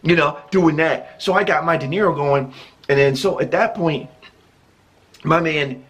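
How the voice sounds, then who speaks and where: A man's voice: fairly high pitch, unhurried, fairly bright tone. Rambling, laughing Midwestern man telling a story. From American Midwest. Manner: rambling and self-interrupting, breaks into laughter. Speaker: YouTube storyteller. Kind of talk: casual storytime narration.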